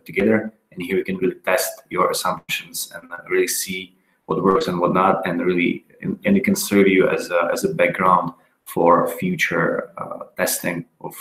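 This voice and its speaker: A man with a very low, gravelly voice presents a software dashboard on a screen share. He talks haltingly, with many fillers and restarts. The recording has a roomy echo. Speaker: product presenter. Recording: echoey room.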